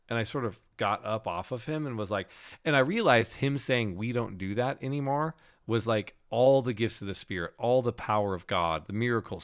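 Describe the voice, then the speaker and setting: A man telling a dream story on a podcast in an animated, casual way, full of "like" fillers. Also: fairly low pitch. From Denver area, USA. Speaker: podcast co-host.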